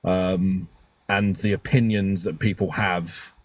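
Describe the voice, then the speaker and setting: Husky, low-voiced man. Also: fairly even intonation, takes it slowly, no room sound. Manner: open, emotional, swears casually, rambling with restarts. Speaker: guest caller on a live stream. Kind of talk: casual personal storytelling.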